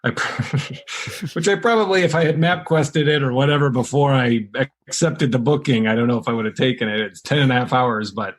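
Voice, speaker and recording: A man's voice: medium pitch, fairly quick. A man who is a guest comedian on a podcast, telling rambling, self-deprecating stories in casual chat.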